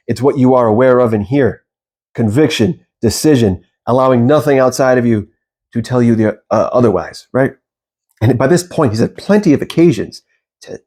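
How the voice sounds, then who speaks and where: A man, a manifestation coach, telling a story in a casual, animated monologue with frequent swearing, acting out the voices of the people in it. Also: mid-range voice. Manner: animated, profane, acts out quoted voices.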